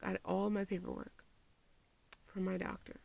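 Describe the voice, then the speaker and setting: A woman's voice: medium pitch, measured pace, creaky. A young woman vlogger telling a personal story to her viewers on a phone camera, casual and conversational, acting out the back-and-forth of the conversation. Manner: animated storyteller who acts out quoted dialogue. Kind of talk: storytime vlog, casual retelling.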